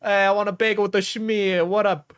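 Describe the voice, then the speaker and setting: A man's voice: high-pitched, level tone, brisk, fairly bright tone, clean tone, pitched above the performer's own voice. A man voicing a brash, pushy New York guy in a put-on New York accent.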